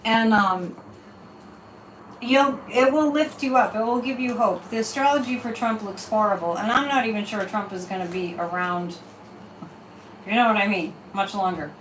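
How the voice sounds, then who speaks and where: A woman with a medium-pitched voice and a moderate pace hosts a livestreamed psychic reading, recorded from a distance. Casual and emphatic, she animatedly repeats phrases, and her off-mic voice echoes in a room with faint background noise.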